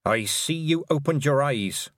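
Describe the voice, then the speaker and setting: Guy doing a curt old witch, slow dry clipped lines, lively pitch, storybook reading. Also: no room sound. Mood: stern. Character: stern older witch, curt and commanding.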